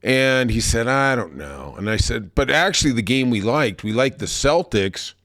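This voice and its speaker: A man's voice: mid-range voice, moderate pace, a bit bright, no room sound. Man telling rambling betting stories, dry sound. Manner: rambling, self-deprecating, laughs at himself. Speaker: podcast host. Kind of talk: casual sports-betting storytelling.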